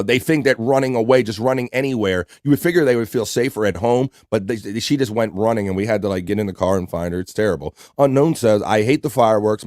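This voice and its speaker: A man's voice: mid-range voice, a little mellow, dry recording, clean studio sound. A man with an American accent hosting a live stream show, casually reading out chat messages and greeting viewers. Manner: laid-back, reads chat messages aloud. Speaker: livestream host.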